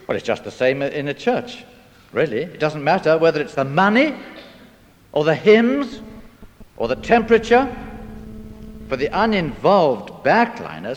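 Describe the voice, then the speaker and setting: Man, preacher, sermon, dramatic rhetorical questions, highish voice, long church reverb.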